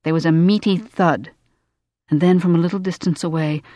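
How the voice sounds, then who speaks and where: An audiobook narrator telling a tense story in a measured, even voice. The voice sits at a middling pitch. The recording is close and dry, with no room sound at all. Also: dry recording. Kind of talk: scripted narration.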